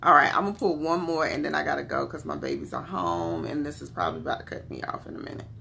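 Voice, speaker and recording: A woman's voice: sits low, very animated, fast, creaky, pushed and bright, a little hiss or hum. A woman with a Southern US accent, chatting casually with viewers on a live stream while reading tarot cards, calling them y'all and beloved. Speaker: tarot card reader.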